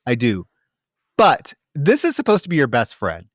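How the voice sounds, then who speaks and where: A male podcast co-host walking through a film's plot with animated, profane commentary. His pitch moves widely and expressively. The sound is dry and close, with no room echo. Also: moderate pace. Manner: animated plot recap with swearing. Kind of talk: casual movie-review chat.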